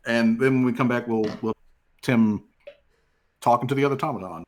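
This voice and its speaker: A man's voice: medium pitch, a little fast. A man running a tabletop game as game master, talking loosely with many fillers.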